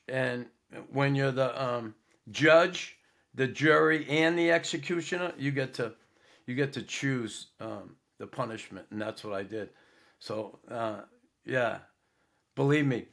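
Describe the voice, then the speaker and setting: Middle-aged male podcast host, casual profane storyteller, mid-pitched voice. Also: fairly bright tone. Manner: laid-back, profane, lots of fillers.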